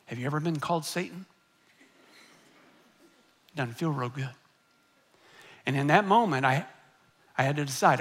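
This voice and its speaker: A middle-aged man, a pastor telling a personal story in a sermon, animated and swinging between loud and hushed. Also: a little high, normal speed, long pauses, husky.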